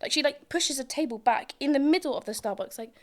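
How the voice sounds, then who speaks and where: A woman's voice: sits high, animated, fast. A young woman with a London accent, telling a casual story on a couch in a chatty way, full of "like" fillers. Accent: London English. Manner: chatty, many "like" fillers, amused. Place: indoors on a couch.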